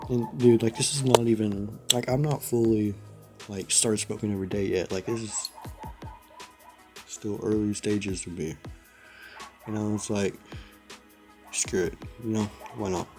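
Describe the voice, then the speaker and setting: A man's voice: fairly low pitch, fairly even intonation, a little slow, long pauses, music in the background. A young man telling a rambling story in a casual vlog, laughing often and saying "dude" a lot. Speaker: vlogger.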